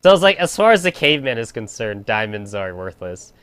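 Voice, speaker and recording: A man's voice: medium pitch, sing-song, a little fast, a bit bright, clear, resonant tone, dry recording. A young man streaming a game, rambling in crude casual chat full of filler "like". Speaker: gaming streamer.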